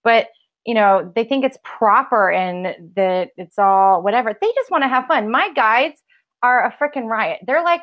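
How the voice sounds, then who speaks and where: A woman's voice: a little high, animated, normal speed, lo-fi sound. A woman guest in a casual spiritual conversation, playful and laughing, acting out voices in her stories.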